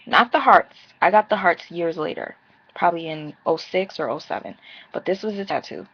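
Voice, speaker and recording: A woman's voice: lowish voice, animated, normal speed, creaky, breathy edge, muffled recording. A woman around thirty telling a personal story to camera in casual slang, acting out the quoted dialogue. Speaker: vlogger.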